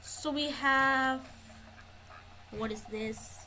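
A woman's voice: high-pitched, drawn-out words, sharp tone, a little hiss or hum, rough recording. A woman giving casual gameplay commentary, narrating what she finds as she explores. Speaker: gamer.

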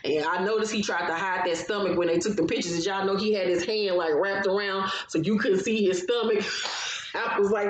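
A woman's voice: mid-range voice, steady tone, normal speed, reverberant, highs cut off. A woman recapping a reality show in casual commentary, blunt and profane, getting heated as she gives her opinions.

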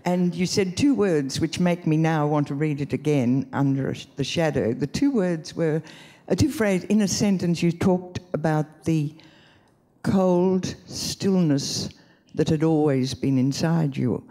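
An audience member at a festival talk asking the author a question in a halting, earnest way. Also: medium pitch, mellow.

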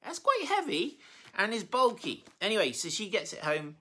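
Bright, chatty preacher retelling scripture. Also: medium pitch, normal speed. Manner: chatty and animated, full of fillers and self-corrections; emotionally moved by the story. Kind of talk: informal sermon retelling a Bible story.

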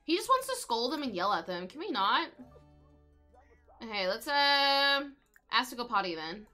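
A woman's voice: fairly high pitch, sing-song, normal speed, sharp tone, soft background music. A young woman giving casual, chatty commentary while playing a life-simulation game, often talking to the pets on screen. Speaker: gaming video creator.

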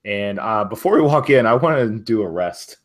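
A man playing a tabletop game, declaring his actions in a quick, offhand way. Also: fairly low pitch, animated. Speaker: player. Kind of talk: casual tabletop play.

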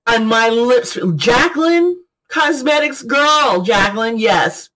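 A woman's voice: a little high, expressive, slow, a bit bright. A middle-aged woman talking to her viewers in a rambling, chatty vlog, giggling and jumping between topics as she reviews lipstick. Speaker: beauty and tarot vlogger. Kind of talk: rambling casual vlog chat.

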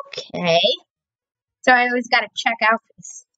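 Brief: young female gamer, bright lively voice, dry muffled home mic. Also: fairly high pitch, measured pace, no room sound. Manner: playful, chatty, reacting aloud. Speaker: gaming channel host. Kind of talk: casual gameplay commentary.

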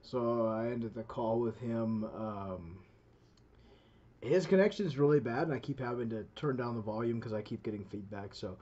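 A man closes out a video with a laid-back recap for viewers. He pauses often on ums and uhs. The audio is dull and lo-fi. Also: mid-range voice. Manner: relaxed, lots of ums and uhs. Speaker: channel host.

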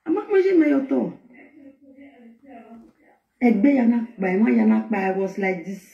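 A woman's voice: on the high side, sing-song, normal speed, gravelly, reverberant, lo-fi sound. A woman with a Nigerian Pidgin accent telling a personal family story in an emotional, rambling way, heard in a replayed video clip. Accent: Nigerian Pidgin English.

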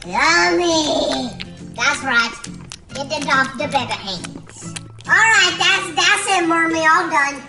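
A man's voice: very high-pitched, lively intonation, slow pace, gravelly, heavily acted. A man voicing a goofy, childlike, overdramatic adult in a comedy sketch, prone to shrieking outbursts. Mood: silly. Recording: background music under voice.

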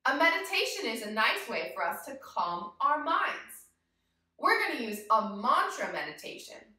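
Animated woman teaching kids yoga. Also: high-pitched, normal speed, heavy reverb, distant mic. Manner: animated, sing-song, talks directly to young children. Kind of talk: playful kids yoga lesson.

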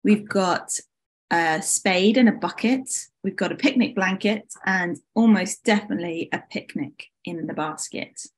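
A woman author reading her picture book aloud to schoolchildren, animated and inviting them to join in. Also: medium pitch, unhurried. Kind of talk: expressive read-aloud to schoolchildren.

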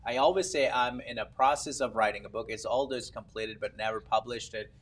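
A man hosting a TV interview, asking halting questions with plenty of enthusiasm. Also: medium pitch, steady tone. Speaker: TV interview host.

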